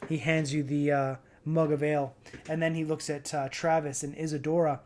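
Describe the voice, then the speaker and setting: Relaxed man running a tabletop game. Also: fairly high pitch, a little fast. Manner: relaxed, hesitant with fillers. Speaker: game master.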